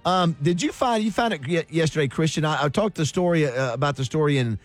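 A man's voice: a little high, brisk, dry recording, soft background music. A man from Arkansas hosting a morning radio show, telling stories in a rambling way with many restarts. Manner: rambling storyteller, frequent restarts and fillers. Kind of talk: casual radio banter. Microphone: studio microphone.

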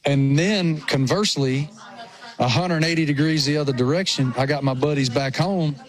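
A man from rural Appalachia with a thick Appalachian accent, co-hosting a radio show with animated, self-mocking storytelling. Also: on the high side, moderate pace. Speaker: co-host. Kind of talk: casual radio show banter.

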